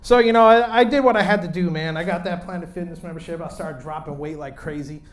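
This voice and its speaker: A man in his late thirties doing a loud, brash, crude stand-up set on a comedy club stage, talking into a handheld mic. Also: a little high, quick pace. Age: late 30s.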